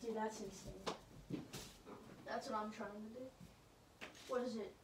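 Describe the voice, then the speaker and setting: A young woman chatting casually and excitedly while playing a game, slangy and quick to laugh. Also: mid-range voice. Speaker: knee hockey player. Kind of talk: casual play-by-play banter. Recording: echoey room, distant mic, noisy.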